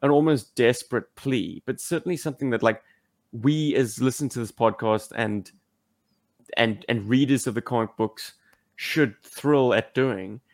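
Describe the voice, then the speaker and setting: Wry podcast co-host, dry close sound. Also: male voice, medium pitch, measured pace, vocal fry, no echo. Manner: wry, earnest, laughs often. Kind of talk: casual podcast chat.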